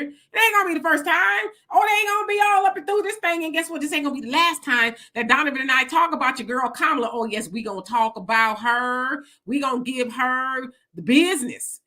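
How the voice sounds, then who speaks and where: High, bright-voiced woman host ranting. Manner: emphatic, mocking, rapid rhetorical questions. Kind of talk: live-stream political commentary.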